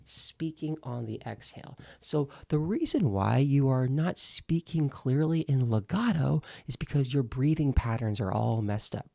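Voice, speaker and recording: A man teaching speaking technique in an instructional video, deliberate and repeating key phrases for emphasis. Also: mid-range voice, animated, vocal fry, dark tone, dry recording, clean studio sound. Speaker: speaking coach.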